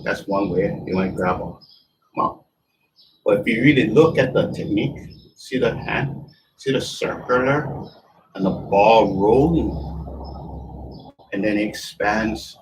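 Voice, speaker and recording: A man with a low voice teaches a tai chi class at an unhurried pace, his phrases loose and broken as he shows each move. He sounds set back from the mic, with a faint hiss of background noise. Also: recorded from a distance, rough recording. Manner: loose, broken phrasing while demonstrating moves. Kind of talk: demonstration lesson.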